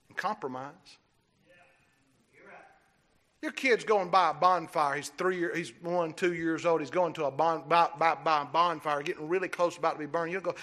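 A man preaching a sermon, swinging from low, steady talk into fiery shouting. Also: fairly quick, long pauses. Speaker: pastor.

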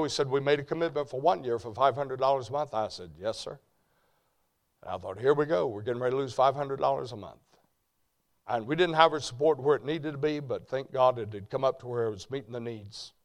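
An older man preaching a sermon, telling folksy stories that drop quiet and then rise to loud shouts. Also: mid-range voice, fairly quick. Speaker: preacher and ministry president. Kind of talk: storytelling sermon.

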